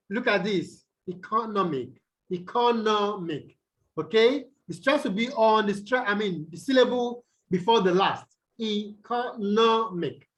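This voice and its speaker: A man from Nigeria, his voice sitting high with a fairly bright tone, tutors an online English class on stress rules via video call. The recording is low quality, and he constantly asks questions, checking in with "okay?" and "the what?"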